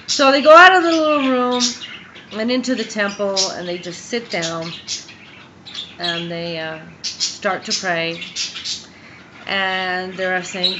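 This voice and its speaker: A woman telling a joke in a casual, rambling, animated way, laughing often and filling pauses. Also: mid-range voice, lo-fi sound, noisy background. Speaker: joke teller.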